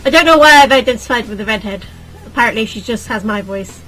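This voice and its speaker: A woman's voice: a little high, quick pace, bright, forceful tone, soft background music, poor audio. A woman playing through a visual novel and voicing all its characters, playful and self-mocking as she switches between voices. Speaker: gamer reading a visual novel aloud. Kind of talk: casual voiced playthrough.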